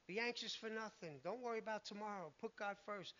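A man's voice: sits high, brisk, pushed and bright, muffled recording. A man preaching a sermon in an emphatic way, acting out the lines he quotes.

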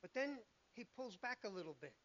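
A man's voice: sits high, very animated, brisk, fairly bright tone, lo-fi sound. A man preaching a sermon in an emphatic way, acting out the lines he quotes.

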